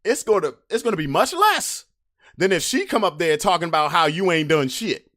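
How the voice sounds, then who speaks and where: A man hosting a casual livestream podcast, reading memes to his chat with drawn-out emphatic delivery, loose slang. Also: on the high side, sing-song, a bit bright.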